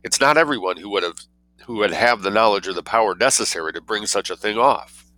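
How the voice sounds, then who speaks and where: A young duke with an uncanny calm, as a male storyteller reads him, languid and quietly teasing. The voice sits low and bright and is caught dry and close. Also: fast, no echo, low-quality recording. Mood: provocative.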